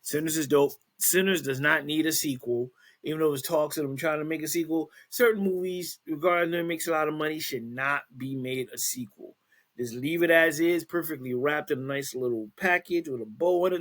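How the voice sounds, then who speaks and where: A man's voice: mid-range voice, moderate pace, a bit bright. A young man hosting an entertainment news podcast, chatting loosely with many fillers and restarts and reading out news items. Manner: reads news items aloud, then adds his own take. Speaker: podcast host. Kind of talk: casual entertainment news chat.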